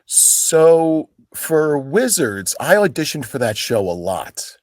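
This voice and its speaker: A man's voice: a little high, sing-song, slow pace, darkish tone, no echo. A man from Pennsylvania, an actor as a guest, telling stories in a casual interview and acting out quoted lines in voices.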